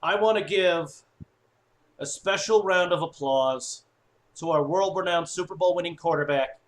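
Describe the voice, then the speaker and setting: A man giving an upset, sweary sports fan rant, swinging from low muttering to shouting. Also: normal speed, a little hiss or hum. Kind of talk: ranting fan monologue.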